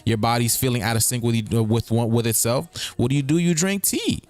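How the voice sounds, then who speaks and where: A man hosting a livestream gives casual, rambling commentary in a medium-pitched voice at normal speed. He repeats himself, keeps checking in with listeners, and breaks words apart to riff on them.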